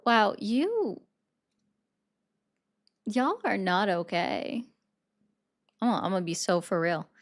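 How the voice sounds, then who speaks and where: A woman's voice: medium pitch, very animated, takes it slowly, long pauses. Woman, livestream host, casual chat, sarcastic, answers viewer comments. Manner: sarcastic, chatty, talks straight to chat.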